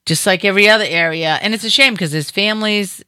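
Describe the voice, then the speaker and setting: A middle-aged woman hosting a casual chat, telling an animated story and acting out other people's voices. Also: medium pitch, fast talker, smooth, no room sound.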